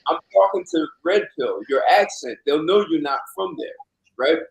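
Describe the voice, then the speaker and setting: A man's voice: on the high side, expressive, normal speed, gravelly, poor audio. A man who cuts in insistently during a casual group debate. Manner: interjecting, insistent.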